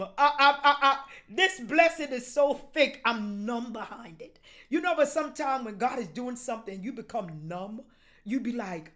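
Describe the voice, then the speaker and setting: A woman pastor with a high voice preaches a sermon. She repeats her lines and calls on the congregation to say them back, dropping to hushed urging and rising to loud shouts. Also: lively intonation, a little slow. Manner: call-and-response, repeats phrases.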